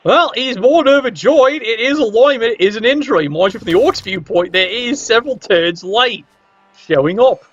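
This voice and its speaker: A man commentates on a video game match in a relaxed, chatty way, teasing the players as he goes. His voice sits fairly high, and the recording sounds dull and lo-fi. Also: moderate pace, slight background noise.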